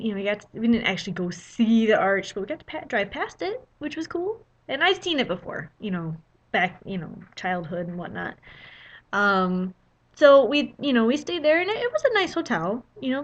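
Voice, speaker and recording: A woman's voice: on the high side, sing-song, normal speed, highs cut off. A young woman telling a travel story in a casual vlog, chatty and full of "you know" fillers. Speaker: vlogger.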